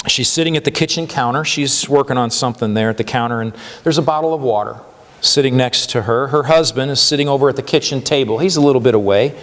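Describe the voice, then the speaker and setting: A man's voice: medium pitch, fast talker, fairly bright tone, slight background noise. A male pastor giving a sermon in a conversational way, often checking in with "right?" as he talks. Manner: conversational preaching with frequent "right?" tags and restarts. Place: church sanctuary. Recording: church hall with long reverb.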